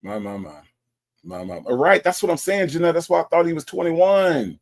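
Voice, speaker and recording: A man hosting a casual livestream who reads viewer comments aloud and reacts with animated, teasing remarks. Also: fairly high pitch, normal speed.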